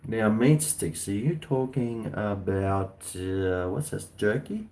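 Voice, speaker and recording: Australian male streamer, middle-aged, slangy and rambling, voice sits a bit low. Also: takes it slowly, hardly any pauses, mellow. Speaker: livestream host. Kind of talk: casual livestream chat.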